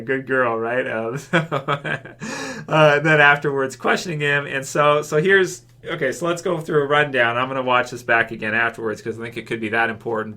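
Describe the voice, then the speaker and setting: A man's voice: mid-range voice, sharp tone. A man giving a casual video review of a TV episode, rambling with lots of fillers and restarts and chuckling as he goes. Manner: chuckles often while talking. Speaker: TV show reviewer.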